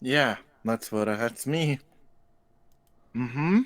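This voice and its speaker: A man's voice: mid-range voice, drawn-out words. A man in a casual group chat who jokes and teases playfully. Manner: playful, joking. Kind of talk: casual chat before a tabletop game stream.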